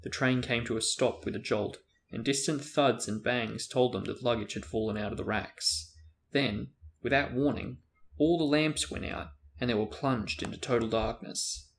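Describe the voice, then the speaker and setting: A man's voice: medium pitch, normal speed, creaky. Man narrating a novel aloud. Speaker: host reading a book aloud. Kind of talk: book reading with character voices.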